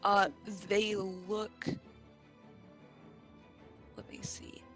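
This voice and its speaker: A man narrating a tabletop game as game master, halting and laughing often. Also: high-pitched, little pitch movement, fairly bright tone, faint music behind.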